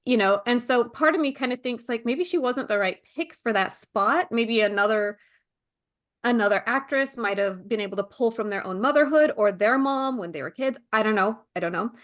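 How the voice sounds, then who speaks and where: A woman's voice: fairly high pitch, moderate pace. A woman who is a mother, a guest on a podcast, talking casually and animatedly about a film and acting out lines. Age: adult mother. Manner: animated, acts out quotes, many "like" fillers.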